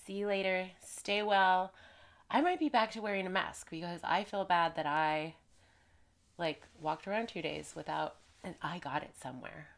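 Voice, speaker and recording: A woman's voice: fairly low pitch, moderate pace. A woman vlogger with a slightly nasal, congested voice, chatting casually to camera and wandering off on tangents. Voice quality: a little nasal. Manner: rambling, chatty, goes off on tangents. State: congested with a cold.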